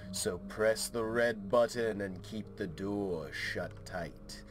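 A man putting on the voice of an ominous movie-trailer narrator, speaking slowly and hushed, sometimes sinking to a whisper. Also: vocal fry, full character voice. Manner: slow, deep and hushed, sinking at times to a whisper.

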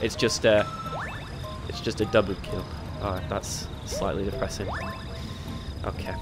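A man's voice: low-pitched, flat delivery, music in the background. A man casually commenting on his video game playthrough, rambling and poking fun at himself. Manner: rambling, self-mocking, quick to laugh. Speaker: let's play host.

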